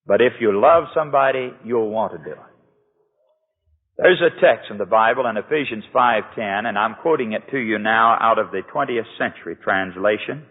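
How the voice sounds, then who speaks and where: A man's voice: lowish voice, moderate pace. A man preaching a sermon as a pastor, talking earnestly and conversationally and often putting rhetorical questions to his listeners. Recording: echoey hall over a tinny lo-fi line.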